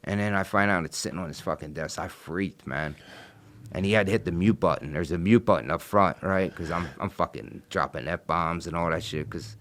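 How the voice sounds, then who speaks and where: A man's voice: low-pitched, fairly quick, a bit bright. A middle-aged man telling a story in a casual interview, blunt and profane, rambling with many asides. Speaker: interview guest.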